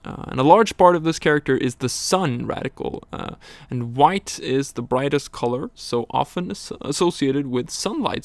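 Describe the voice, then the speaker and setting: A man teaching a recorded language lesson, slowly explaining words, tones and examples. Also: medium pitch, creaky, no room sound.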